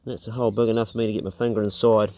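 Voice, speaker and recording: A man with a New Zealand accent narrates a casual outdoor vlog on a farm, swearing freely and chatting to the animals; he's a vlogger and hunter. His voice is lowish and level, delivered very fast over background noise.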